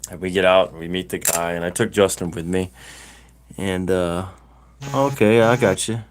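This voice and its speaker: A man's voice: low voice, fairly even intonation, normal speed. A middle-aged man, hosting a casual livestream and telling a rambling story full of fillers and restarts. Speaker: livestream host.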